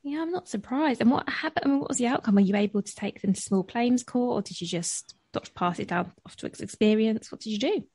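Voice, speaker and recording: A woman's voice: fairly high pitch, fast talker, hardly any pauses, darkish tone, breathy edge. A woman hosting a podcast interview who asks questions and gives short, sympathetic reactions. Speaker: podcast host.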